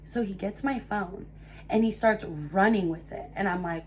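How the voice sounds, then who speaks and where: A young woman telling a casual storytime to her viewers, animated and swearing freely. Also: mid-range voice, moderate pace, a little hiss or hum. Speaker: storytime vlogger.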